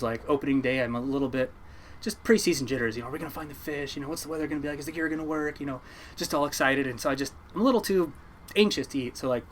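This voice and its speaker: A man, a fishing boat captain, telling stories from his life at sea to a podcast host in a lively, laughing way. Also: on the high side, slight background noise. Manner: animated yarn-spinner, laughing at his own story. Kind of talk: casual storytelling.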